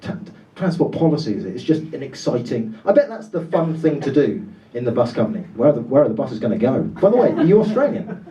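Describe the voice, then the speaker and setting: A Dorset man does stand-up crowd work on a comedy club stage, chatting with the audience and swearing as a crowd laughs. His medium-pitched voice is warm, fast and swings widely in pitch. The recording is distant and poor in quality.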